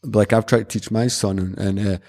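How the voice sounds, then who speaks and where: A Scottish man who teaches martial arts speaks earnestly in a loose, conversational interview, telling rambling anecdotes full of restarts. His voice sits on the low side, slightly mellow, with a steady tone and a fairly quick pace.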